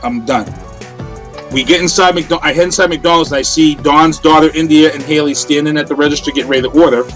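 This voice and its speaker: A man, a guest on an interview show, telling a story in a casual, animated way over a remote call. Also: on the high side, fast, soft background music. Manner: animated, acts out quoted voices. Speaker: interview guest, radio personality. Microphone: remote call from home.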